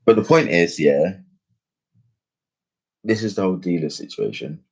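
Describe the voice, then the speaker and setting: A man's voice: low voice, big pitch swings, a little slow, a little mellow, slightly rough. A young man telling a rambling personal story in casual slang, full of fillers and restarts. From England. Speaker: podcast host.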